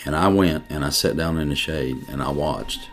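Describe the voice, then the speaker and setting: Over music, a middle-aged police detective with a bass voice tells a personal story in an interview. He speaks earnestly and emotionally, with halting restarts.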